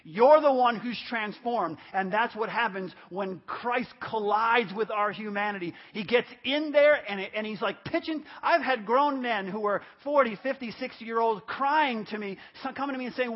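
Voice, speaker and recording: Male pastor, 50s, high voice, emphatic repetitive preaching, dull lo-fi church recording. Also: normal speed, hardly any pauses. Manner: emphatic, repeats phrases for stress. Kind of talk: sermon. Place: church service.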